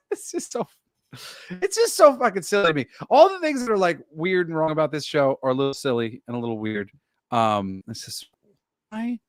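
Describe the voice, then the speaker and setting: A man co-hosting a geek podcast in casual chat, animated and swearing, acting out quotes as he talks. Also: a little high, no room sound. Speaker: podcast co-host.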